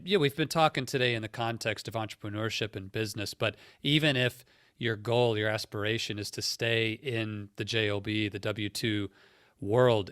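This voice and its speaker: A man's voice: medium pitch, a bit bright, clean tone, no room sound, clean studio sound. A middle-aged man hosting a podcast, earnest and reflective, who explains his points step by step. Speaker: podcast host, career coach. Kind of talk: conversational coaching talk.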